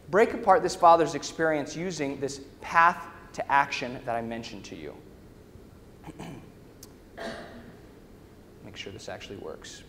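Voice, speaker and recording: A man's voice: fairly high pitch, fairly bright tone. A man giving a conference talk, telling a story and often checking in with the audience with questions, "okay?" and "right?". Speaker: conference speaker. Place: large conference hall. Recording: reverberant hall with faint noise.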